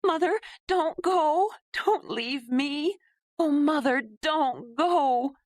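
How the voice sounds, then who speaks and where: A woman's voice: on the high side, sing-song, normal speed, a little mellow, no echo, studio quality, voice pushed up. A woman voicing a grief-stricken young woman who pleads and wails in a raised voice. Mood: anguished. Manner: pleading, wailing.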